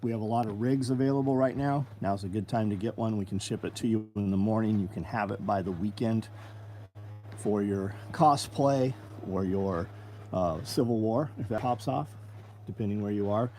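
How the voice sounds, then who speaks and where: A man's voice: lowish voice, normal speed, dark tone, slight background noise. Blunt, profane man hosting a livestream. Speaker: livestream host. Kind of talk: casual livestream chat.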